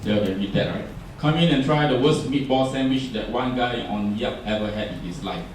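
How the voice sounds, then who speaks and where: This workshop speaker, a man with a Singaporean English accent, has a mid-range voice and talks a bit fast, giving a chatty presentation full of questions for the audience. The mic sits far away, so the room echoes, and there's slight background noise.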